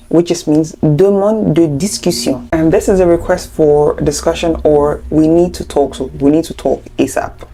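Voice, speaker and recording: Low-voiced woman teaching with playful asides. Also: mellow. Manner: chatty, explains step by step with playful asides. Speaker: French teacher. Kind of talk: online language lesson.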